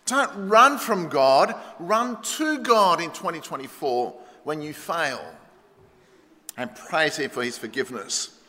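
A middle-aged Australian man preaches in a bright, high voice. He hits key words hard, then drops to a near hush. His voice rings through a church hall with a long reverb. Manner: emphatic preaching, swinging between loud stresses and hushed lines. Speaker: pastor. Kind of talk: sermon.

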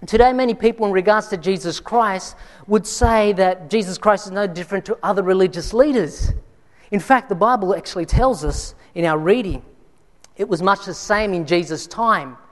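A man's voice: high-pitched, moderate pace. A man preaching a sermon in a church, telling a personal story in a conversational way with frequent restarts. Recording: long hall reverb.

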